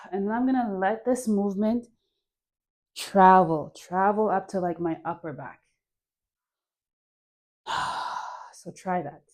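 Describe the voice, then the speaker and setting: A woman's voice: medium pitch, slow pace, pauses often. A young woman leading a home dance workout, talking the viewer through moves in a chatty, encouraging way, with sighs of effort between cues. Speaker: dance instructor. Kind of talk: guided dance class.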